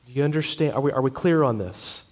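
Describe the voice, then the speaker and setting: A man's voice: medium pitch, natural voice. A man preaching, acting out a fussy, questioning gatekeeper at heaven's gate. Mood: probing. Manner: exasperated, rapid, rising.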